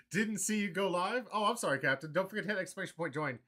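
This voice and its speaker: A man hosting a casual card-game livestream, excitable and prone to loud mock rants. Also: high voice, fast. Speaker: livestream host.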